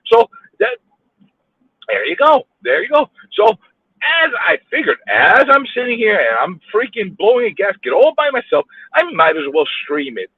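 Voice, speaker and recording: A vlogger, a man with a high, husky voice whose pitch swoops wildly, rants alone in his car while stuck in traffic, speaking at normal speed. The angry live-streamed rant has him exasperated, swearing and repeating himself. The audio is tinny and phone-like, with no room sound.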